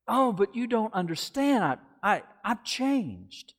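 A man's voice: sits high, sing-song, slow, a bit bright, voice pushed up, exaggerated voice. A man voicing a sly, poisonous male snake that talks in a soothing, stammering, wheedling way, heard in an echoey hall. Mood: coaxing.

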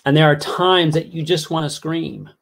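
Man, middle-aged, sermon, earnest, impassioned, slightly high, gravelly. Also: steady tone, normal speed. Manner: earnest, heartfelt storytelling that builds to impassioned pleading. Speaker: preacher.

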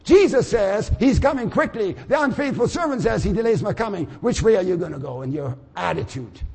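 Older male preacher, high lively delivery, long hall reverb. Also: a little fast, creaky, husky. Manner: animated, swings from quiet musing to shouting. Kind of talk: sermon.

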